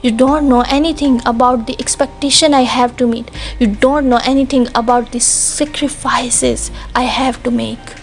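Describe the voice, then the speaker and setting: A woman voicing a pregnant young woman who pleads with her lover, in an earnest, repetitive, even delivery, with music behind. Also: on the high side, moderate pace, few pauses, natural voice. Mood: pleading. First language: not English.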